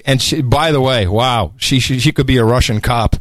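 A man hosting a podcast in casual chat, animated and mocking, often slipping into sarcastic voices. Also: mid-range voice, normal speed, dry recording, clean studio sound. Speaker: podcast host.

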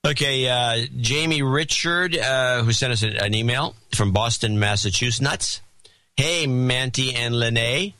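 A man's voice: medium pitch, a little slow, sharp tone, no room sound. A middle-aged man co-hosting a podcast, reading listener notes aloud with theatrical flair. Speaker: podcast co-host.

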